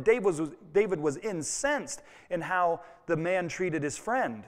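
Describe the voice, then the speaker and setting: A male pastor preaching a sermon to his congregation in a conversational, folksy way, with personal asides. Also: high voice. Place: church sanctuary with congregation. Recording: long reverb of a church hall.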